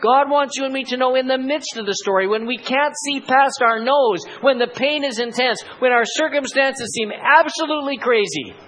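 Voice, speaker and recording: A man's voice: very high-pitched, moderate pace, few pauses, fairly bright tone, poor audio. A male pastor giving a sermon, asking rhetorical questions and acting out voices in dramatic asides.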